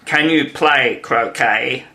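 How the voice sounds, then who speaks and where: A man voicing an imperious, hot-tempered queen in a storybook audiobook, with a shrill, loud and commanding manner. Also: slow pace, vocal fry, heavily acted. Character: furious, imperious adult Queen of Hearts.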